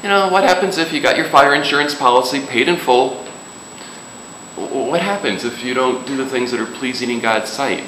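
A man's voice: medium pitch, normal speed, a little hiss or hum. A man preaching a sermon in a casual, joking way, with sudden emphatic rises. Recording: echoey room with faint ambience.

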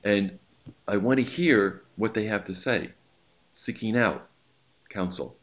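A man preaching a sermon in a relaxed, conversational way, with asides and a told joke. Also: fairly low pitch, slow pace. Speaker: pastor. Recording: slightly dull lo-fi recording.

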